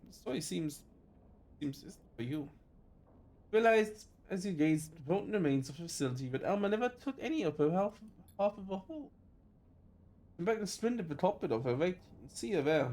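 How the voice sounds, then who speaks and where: German-accented male streamer, a touch high-pitched, reads game narration aloud in a halting, self-correcting way. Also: darkish tone. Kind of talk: reading game text aloud in a let's play.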